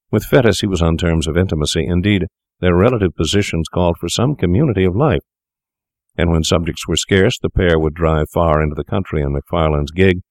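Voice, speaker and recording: Deep-voiced male audiobook narrator. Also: a little mellow, no echo, studio quality. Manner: measured, formal storytelling. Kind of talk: scripted narration.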